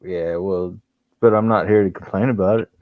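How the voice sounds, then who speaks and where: A man calls into a livestream with a fairly low voice. He is blunt and crude, and he laughs easily as he trades jabs. The sound is dry and dull, like lo-fi call audio. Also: steady tone, normal speed, no room sound. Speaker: guest caller. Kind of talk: casual livestream chat.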